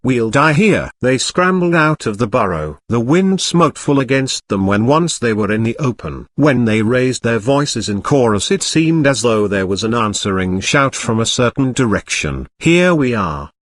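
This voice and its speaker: A text-to-speech male voice narrating an audiobook, with even, mechanical reading and odd stresses. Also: medium pitch, normal speed, hardly any pauses, no room sound, clean studio sound.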